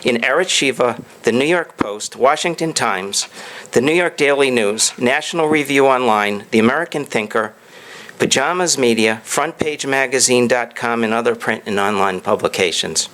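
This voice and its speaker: A man hosting an event, slowly reading out a guest's credits to an audience. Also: medium pitch, a bit bright, low-quality recording. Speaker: event host introducing a speaker. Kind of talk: speech to an audience.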